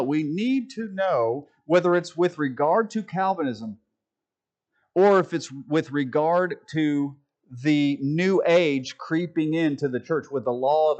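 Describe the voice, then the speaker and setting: Male pastor, casual emphatic rant, fairly high voice. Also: dull audio. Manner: emphatic, frequent restarts, swings from loud to muttered. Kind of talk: preaching commentary, conversational rant.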